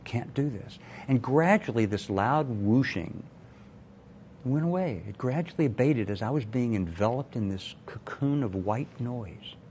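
An older man, a retired doctor, telling a personal story in an earnest, measured way as a TV interview guest. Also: medium pitch, expressive, darkish tone, slight background noise.

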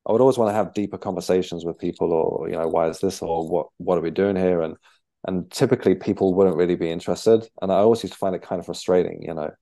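Low, dark-voiced man telling his story. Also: fairly even intonation, gravelly. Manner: halting, with frequent restarts and fillers. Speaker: guest. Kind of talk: conversational storytelling.

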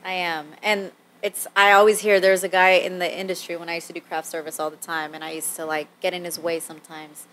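Soft-spoken woman co-hosting a chat. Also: on the low side, level tone, brisk, few pauses. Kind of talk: casual podcast chat.

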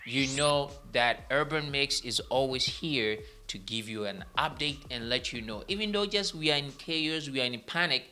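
A young entertainment news host delivers a casual update from a small studio, chatty and rambling and often correcting himself. His medium-pitched voice has a sharp tone and moderate pace with hardly any pauses, plus a little hiss or hum.

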